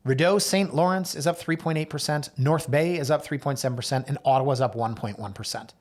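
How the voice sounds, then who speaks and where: A realtor hosting his own show chats casually to camera about the market, his fairly high voice moving briskly. He reads figures off a list with sudden lifts and drops in self-mocking asides. He seems to be in an office or studio, with someone off camera.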